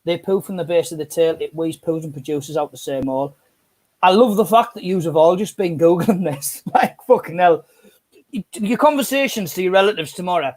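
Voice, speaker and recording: A man's voice: fairly high pitch, fairly quick, a little mellow. A man, chatting and telling sweary stories as co-host of a live stream on an earphone mic. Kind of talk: casual chat.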